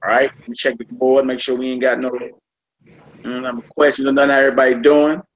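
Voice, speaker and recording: Man teaching a relaxed online class. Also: medium pitch, brisk. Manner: relaxed, repeats each word aloud, slangy asides. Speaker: Hebrew teacher. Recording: slightly dull lo-fi with faint noise.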